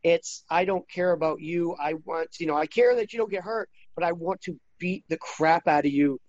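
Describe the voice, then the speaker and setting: High-voiced man in a rambling interview. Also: moderate pace, darkish tone, lo-fi sound, a little hiss or hum. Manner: rambling, many restarts. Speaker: interview guest. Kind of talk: casual interview chat.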